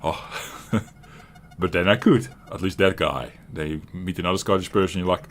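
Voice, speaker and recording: Deep-voiced and speaking at a normal speed, a Dutch man from the Netherlands rambles chattily through casual gameplay commentary. He's a retro gaming channel host who laughs a lot and often starts his thoughts over. A bit of background noise can be heard.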